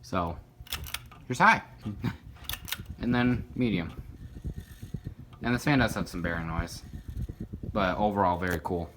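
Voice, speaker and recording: Man, low pitch, slow pace, casual hobby video narration, rambling, filler-heavy. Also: steady tone, background noise. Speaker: ceiling fan collector showing a fan.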